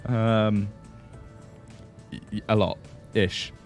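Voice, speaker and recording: A man's voice: on the low side, level tone, very slow, faint music behind. A man hosting a flight simulator livestream, chatting casually, answering viewers and laughing often.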